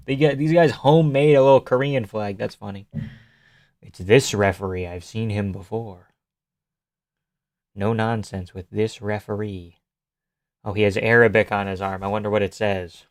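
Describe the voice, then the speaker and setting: This is casual live-stream commentary: a man with an ordinary mid-pitched, smooth, resonant voice swears freely and chats as he watches fights, calling out viewers by name and talking back to them. The mic is close, the sound dry and dead, with no echo.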